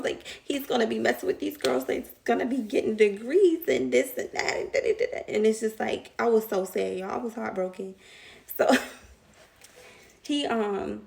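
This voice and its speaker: A woman's voice: on the high side, moderate pace, vocal fry, a little mellow. A young woman telling a casual storytime to her viewers, slangy and chatty, laughing often.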